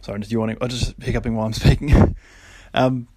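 A young man hosting a solo podcast, talking casually and then getting preachy and animated, with lots of fillers and quick laughs. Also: medium pitch, no room sound. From Australia. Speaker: podcast host.

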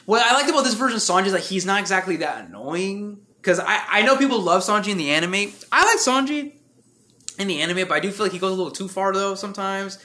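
A young man chatting casually as podcast co-host, animated and laughing often, putting on voices when he quotes people. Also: sits high, fast talker. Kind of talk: casual chat.

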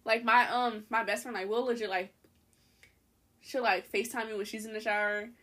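A woman's voice: on the high side, fairly even intonation, moderate pace, fairly bright tone. A young woman hosting a podcast, telling stories in a rambling way with lots of fillers and laughs. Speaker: podcast host. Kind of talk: casual chat.

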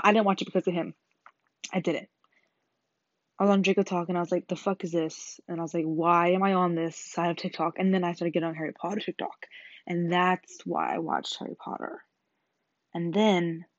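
A young woman rambling casually in a vlog, excitable and swearing freely. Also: fairly low pitch, no echo, highs cut off. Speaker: vlogger. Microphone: earbud headset mic.

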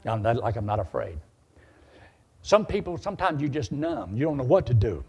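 A man's voice: medium pitch, sing-song, moderate pace, a little mellow, slightly rough. An older man telling a story in a sermon, folksy and acting out the voices he quotes. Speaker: preacher.

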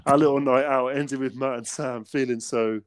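A man's voice: medium pitch, steady tone, normal speed, smooth. Chatty young man. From England. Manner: rambling storyteller, laughs often, many fillers. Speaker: podcast co-host. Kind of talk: casual chat.

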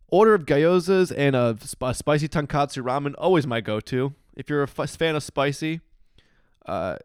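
A man's voice: medium pitch, clean tone, no echo, clean studio sound. Tipsy, chatty man rambling alone. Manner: rambling, chatty, with frequent restarts and emphatic outbursts. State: drowsy and a little tipsy, yawning. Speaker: podcast host. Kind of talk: casual solo podcast monologue. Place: hotel room.

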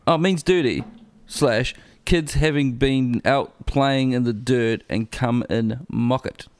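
A man's voice: mid-range voice, takes it slowly, smooth, dry recording. A man co-hosting a podcast, joking around, laughing and swearing in casual banter. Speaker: podcast co-host.

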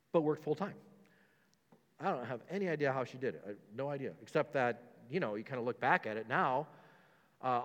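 Man preaching in a reverberant hall. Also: mid-range voice. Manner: conversational, rhetorical questions, emphatic repetition. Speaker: pastor. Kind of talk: sermon. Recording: long reverb of a large hall.

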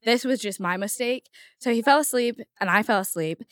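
Young mother telling stories, crisp dry sound. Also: fairly high pitch, brisk, dry recording. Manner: animated storytelling, laughing often. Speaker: podcast co-host. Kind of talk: casual chat.

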